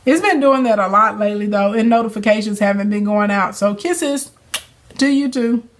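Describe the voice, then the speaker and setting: Chatting with her viewers on a relaxed phone livestream, this young woman is sassy and quick to laugh. She speaks at a moderate pace with a medium-pitched voice. She's a business coach who also hosts livestreams.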